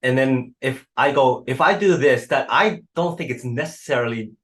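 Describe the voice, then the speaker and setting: Male host, mid-pitched voice, halting and casual, often repeats his words. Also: a bit bright. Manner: hesitant, repeats words, ends with "right?". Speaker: podcast host. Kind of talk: conversational interview.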